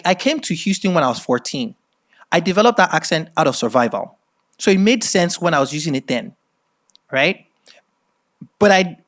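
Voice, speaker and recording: Nigerian man giving a lively masterclass. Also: fairly high pitch. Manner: animated storytelling, frequent "right?" checks, restarts. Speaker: speaker at a masterclass. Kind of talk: lecture with personal story.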